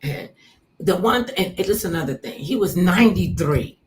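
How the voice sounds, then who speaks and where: A woman hosting a radio talk show who tells stories with big swings in her voice. She jumps from soft asides to loud outbursts and acts out what others said. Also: lowish voice, normal speed, a little hiss or hum. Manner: animated storyteller, loud outbursts and quoted asides. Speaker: radio host. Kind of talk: casual radio chat.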